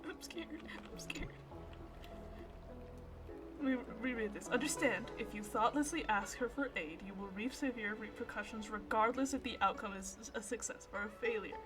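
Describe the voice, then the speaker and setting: A woman's voice: a little high, brisk, hardly any pauses, music in the background. A young woman streaming a game, reacting nervously, swearing and laughing. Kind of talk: live gameplay commentary.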